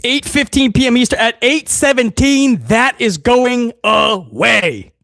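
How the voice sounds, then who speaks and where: A man's voice: extremely high pitch, lively intonation, measured pace, creaky, bright, forceful tone, no room sound, studio quality. A man hosting a live wrestling watch-along stream, ranting bluntly and swearing freely in casual commentary.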